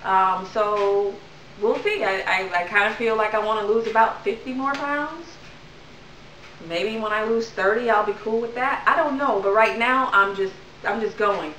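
A woman's voice: mid-range voice, normal speed, a bit bright, roomy sound, distant mic, slight background noise, poor audio. A young woman vlogger chatting casually to camera, rambling with lots of ums.

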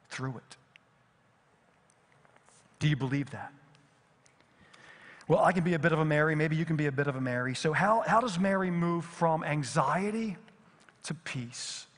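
A middle-aged man preaching a sermon as pastor, swinging from lively emphasis to hushed, near-whispered repetitions. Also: fairly high pitch, moderate pace, long pauses, husky. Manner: dynamic, drops to near whisper on repeated phrases. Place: church sanctuary. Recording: long reverb of a church hall.

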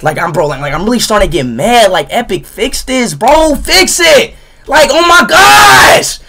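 High, bright, excitable young male streamer. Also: normal speed, vocal fry, slight background noise. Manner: excitable, exasperated, profane, bursts into shouting. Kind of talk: live game-stream commentary.

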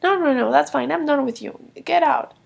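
A grumpy, impatient boy voiced by a woman in a toy film, pitched a little lower than a small child, with a gravelly edge. He brushes others off irritably. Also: moderate pace. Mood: annoyed. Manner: irritated and dismissive. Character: grumpy young boy, impatient big brother.

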